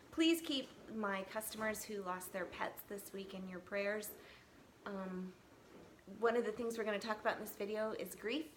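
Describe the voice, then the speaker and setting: Medium in pitch, her voice carries slight background noise as she addresses her camera mic from home in California. The vlogger, an equine massage therapist in her thirties, is casual and earnest, chatting with frequent fillers and false starts.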